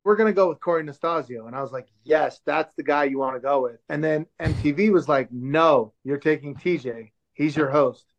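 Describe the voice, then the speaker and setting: A man in his forties telling a story in a casual chat, acting out the voices of the people he quotes. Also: a little high. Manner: animated, acts out quoted dialogue. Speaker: show host telling a story as podcast guest. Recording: dull lo-fi sound.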